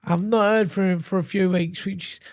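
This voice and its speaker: A man's voice: sits high, a little fast, no room sound, clean studio sound. A man, a podcast guest telling blunt stories full of swearing and restarts. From England. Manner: blunt, swearing, animated storytelling with repeated restarts. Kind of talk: casual chat.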